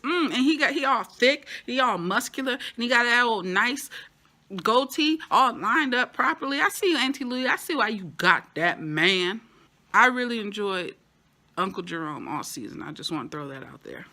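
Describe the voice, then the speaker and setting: A woman gives a casual TV recap in a bright, forceful voice. She talks in a lively, animated way and throws in playful asides. Her voice jumps high when something excites her. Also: moderate pace. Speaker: TV show reviewer.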